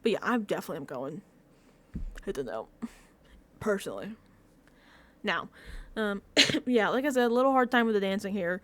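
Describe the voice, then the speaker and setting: A young woman casually recapping a reality show, talking in rambling, animated bursts with frequent restarts and casual swearing, close to a desk mic at home. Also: medium pitch, moderate pace, long pauses. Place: home room.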